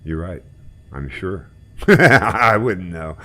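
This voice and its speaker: A man hosting a flight sim group, chatting in a relaxed, rambling way while he flies. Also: sits low, extremely slow. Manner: relaxed, rambling, trailing off quietly. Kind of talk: casual chat while flying.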